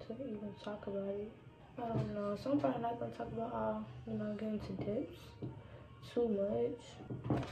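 A young woman with a fairly high, warm voice vlogs casually while doing her makeup at home, a chatty get-ready-with-me session where she calls her viewers y'all and sometimes drops to a whisper. The recording is lo-fi and dull, with room echo and faint noise.

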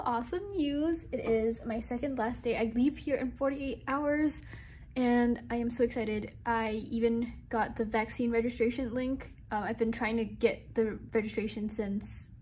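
A woman's voice: fairly high pitch, moderate pace, darkish tone, a little hiss or hum. A young woman from Singapore chatting casually in a hotel room video diary, rambling and upbeat, filmed on a handheld phone. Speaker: vlogger. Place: small hotel room, indoors.

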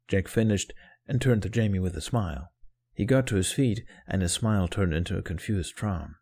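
A man narrating a fan fiction story as an audiobook, in a calm, steady storytelling manner. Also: sits low, normal speed, creaky, husky.

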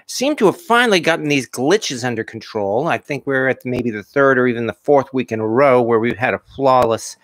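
A chatty man hosting a home cooking livestream, chuckling often and reading viewer comments aloud. His voice sits at an ordinary middle pitch, and it is recorded close and dry with no room echo. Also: a bit bright. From New England, USA. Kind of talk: casual live-stream chat while tasting food.

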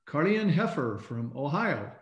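A man co-hosting a live online recognition event, reading out names in an upbeat way and often clearing his throat, speaking over a video call. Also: fairly high pitch, big pitch swings, unhurried, muffled recording. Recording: echoey room on a video call.

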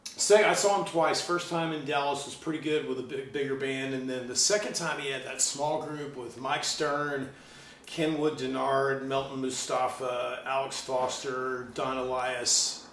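A middle-aged man telling stories in a loose, animated way, swearing freely, in a casual chat. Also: medium pitch, unhurried, roomy sound, far from the mic, slight background noise. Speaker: guest musician.

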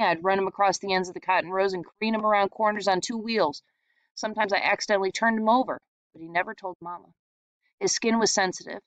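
A woman reading a short story aloud in a steady, reflective storytelling manner. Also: on the low side, dry recording. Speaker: reader. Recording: dull lo-fi sound.

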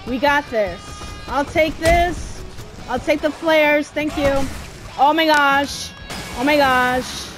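A woman giving frustrated live commentary while playing a video game, shouting orders and complaints at the character. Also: high voice. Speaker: gameplay streamer. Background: game music.

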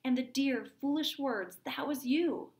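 A woman's voice: high voice, a little slow, a little mellow, pitched above the performer's own voice. A woman reading aloud the part of a grieving young woman in love, in an earnest, pleading manner.

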